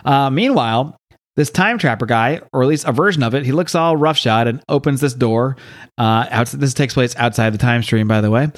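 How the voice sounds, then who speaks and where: A man's voice: medium pitch, normal speed. A man co-hosting a comics podcast, recapping a story in a rambling, laughing, swearing way. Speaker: podcast co-host.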